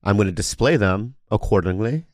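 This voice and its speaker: A middle-aged man teasing his friends in casual banter, drawn-out and playful. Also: fairly low pitch, animated, a little mellow, dry recording, studio quality.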